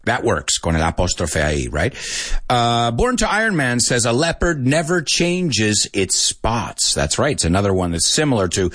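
Male live-stream teacher, husky voice, animated intonation, chatty and prone to laughter. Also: mid-range voice, moderate pace. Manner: lively, chatty, laughs often, switches between two languages. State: parent of a young daughter. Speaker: language teacher. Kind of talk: live lesson reading viewer comments.

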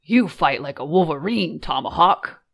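A woman voicing a hulking, gruff male crime boss who speaks with a heavy accent. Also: deep voice, lively intonation, moderate pace, full character voice. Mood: menacing.

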